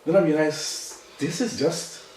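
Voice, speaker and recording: A man's voice: on the high side, a little slow, a little mellow. A man, co-hosting a casual chat and arguing his points emphatically with rhetorical questions. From Trinidad. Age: 60s. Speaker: podcast co-host. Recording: very echoey room, mic at a distance.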